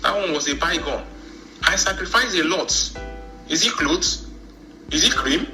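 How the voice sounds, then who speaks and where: A man's voice: a little high, lively intonation, a little slow, pushed and bright, soft background music, low-quality recording. A man with a Nigerian accent telling a personal story, rambling and often repeating words. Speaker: church member telling his story.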